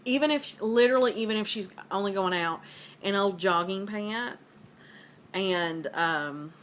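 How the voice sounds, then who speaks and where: This woman in her thirties, from the American South, has a Southern US accent and a medium-pitched, slightly bright voice at a measured pace. As a vlogger at home, she rambles casually to the camera, full of filler words and conversational. A little hiss or hum sits in the audio.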